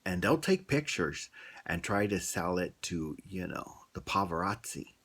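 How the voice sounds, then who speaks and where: A man with a low, husky voice chats casually to his viewers as a vlogger. He tells a story at an unhurried pace and keeps turning to the audience with questions. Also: big pitch swings, a bit bright. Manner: chatty, asks the viewers questions.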